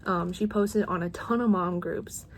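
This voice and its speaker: A woman's voice: on the low side, unhurried. A woman in her thirties, a crochet vlogger, chatting casually at home and rambling with lots of "like" and restarts.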